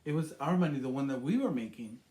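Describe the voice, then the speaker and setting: A man's voice: medium pitch, lively intonation, quick pace, warm tone. A man telling a personal story in a rambling, emotional way, with many fillers and repeated words. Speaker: vlogger. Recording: echoey room.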